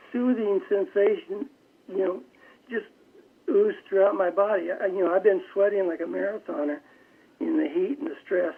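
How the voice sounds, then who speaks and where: An older man tells a story over a tinny phone line, his voice high for a man and rough with gravel. He talks in a measured way and often restarts his sentences as he goes. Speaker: phone-in guest. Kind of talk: recounting a war memory in an interview. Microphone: telephone.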